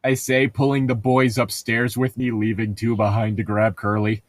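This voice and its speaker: A man's voice: mid-range voice, flat delivery, moderate pace. A young man hosting a podcast, reading fanfiction aloud with casual, laughing delivery. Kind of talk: comedic read-aloud of fanfiction.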